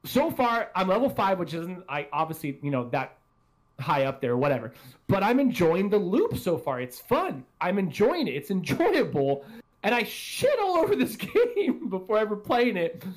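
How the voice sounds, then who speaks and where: A man's voice: sits high, wildly swooping pitch, moderate pace. A man hosting a casual gaming podcast, rambling and swearing freely as he talks. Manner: rambling, profane, self-deprecating. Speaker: podcast host.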